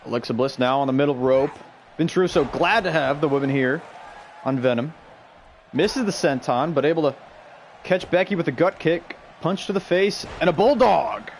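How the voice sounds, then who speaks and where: A man hosting a stream and calling video game wrestling play by play, excitable and shouting the big moves while chatting with viewers. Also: fairly high pitch, moderate pace, a little hiss or hum. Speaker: stream host and play-by-play commentator.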